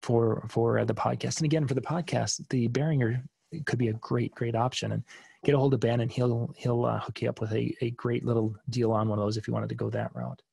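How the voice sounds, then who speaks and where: A man's voice: medium pitch, flat delivery, a little fast, vocal fry, a little mellow, breathy edge, no echo, studio quality. A middle-aged man hosting a live streaming seminar from a home desk, chatty and rambling with many restarts as he answers viewer questions.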